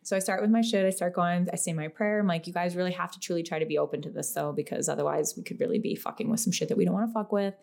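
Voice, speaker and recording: Gravelly, animated storytelling woman. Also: on the low side. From Western New York, US. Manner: animated, profane, quick storytelling with acted quotes. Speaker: podcast guest. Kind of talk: casual storytelling chat.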